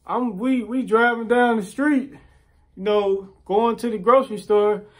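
Unhurried and high-voiced, a man rants casually to the camera. He tells animated stories, mimicking the voices of the people he quotes and repeating words as he goes.

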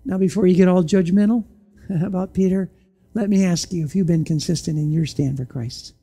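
This sermon comes from a pastor whose mellow, warm, mid-pitched voice is slightly rough and a little fast. He preaches animatedly in church, posing pointed rhetorical questions and dropping suddenly into a low hush for emphasis.

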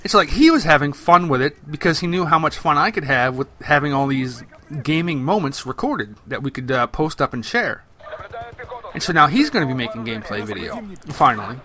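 A man's voice: a little high, expressive, brisk, bright, forceful tone. A man giving casual, rambling gameplay commentary, chatty and swearing freely. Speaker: gaming commentator.

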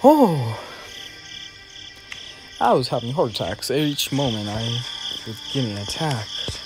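A young man giving casual, excitable gameplay commentary, talking to himself in slang as he plays. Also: medium pitch, slow pace, poor audio. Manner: excitable, talks to himself while playing, slangy. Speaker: gaming video creator. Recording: loud game music behind the voice.

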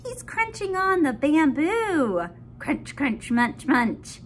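A woman hosting a children's story time, reading a picture book aloud to a baby in a gentle sing-song voice with delighted gasps. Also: high-pitched, big pitch swings, takes it slowly, slight background noise.

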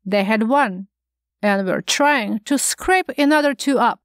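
A woman's voice: fairly high pitch, a little slow, no echo, studio quality. A woman voicing a stern, genial male doctor who lectures earnestly, read aloud for an audiobook. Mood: lecturing. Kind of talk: audiobook character reading.

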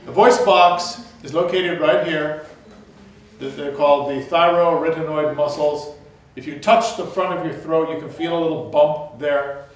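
A man's voice: fairly high pitch, fairly even intonation, measured pace. A man leading a choral workshop, explaining breathing and vocal technique with frequent restarts and light self-deprecating humor. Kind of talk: hands-on vocal technique lecture. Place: large echoey room, recorded from far off. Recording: very echoey room audio from a distant mic.

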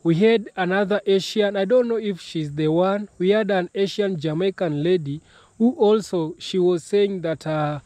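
A man from Kenya hosts a reaction video in a high voice, talking slowly and haltingly with frequent restarts. The sound is very dry and close. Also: warm tone, dry recording. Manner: slow, halting, many restarts. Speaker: YouTube reaction host. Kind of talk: casual reaction commentary.

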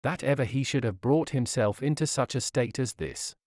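A man putting on an old father's voice, full of pity for a son come home in rags, in a sermon reading. The exclamations rise a little higher than the reader's usual tone, and the sound is dry and close. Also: normal speed, a little mellow, dry recording, lightly acted. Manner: tender, pitying exclamations. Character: grieving old father pitying his ruined son.

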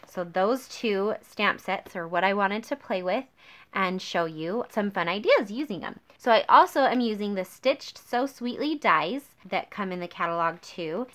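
A woman's voice: mid-range voice, fairly bright tone. An upbeat woman demonstrating card making in a tutorial, gushing over her favorite supplies. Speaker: craft demonstrator.

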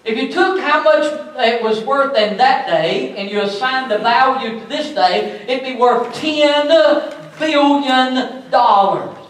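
A man pastor preaching a sermon in a church, building to loud emphatic bursts. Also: extremely high pitch, slow. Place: church sanctuary. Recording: very echoey church from far off.

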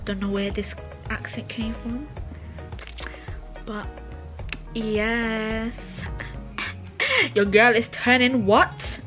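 A woman's voice: on the high side, extremely slow, long pauses. Playful young woman vlogging. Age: early 20s. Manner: playful, teasing, self-mocking. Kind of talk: casual vlog chat to camera. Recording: background music clearly audible.

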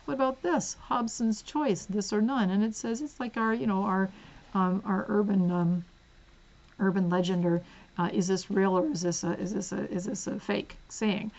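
Woman host, casual haul vlog, gravelly edge, giggly asides, slightly muffled home recording. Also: mid-range voice, steady tone, normal speed. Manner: chatty, giggly, drifts into soft whispers while reading spines. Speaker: book vlogger.

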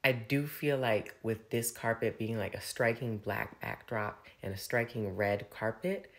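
A man's voice: fairly low pitch, measured pace. A young man giving a casual, gushing fashion recap, chatty and full of "like" fillers. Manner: gushing, chatty, heavy use of "like". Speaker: fashion commentator. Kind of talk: casual red carpet recap commentary.

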